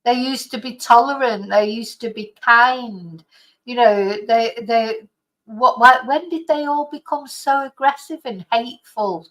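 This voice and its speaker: A woman's voice: on the high side, unhurried, fairly bright tone, low-quality recording. A middle-aged woman from Britain, hosting her own channel in a casual opinion monologue, indignant and rambling with frequent restarts. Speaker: channel host.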